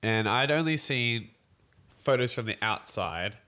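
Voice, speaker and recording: A young man, telling a story in a casual podcast chat and acting out other people's voices as he goes. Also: medium pitch. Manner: animated storytelling, quick laughs, acts out voices.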